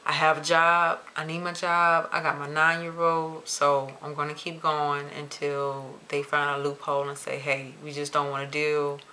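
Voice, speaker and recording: A young adult woman vlogging to camera in a chatty, expressive way, stretching words for emphasis. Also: sits low, moderate pace, few pauses, a little hiss or hum. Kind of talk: casual chat to camera.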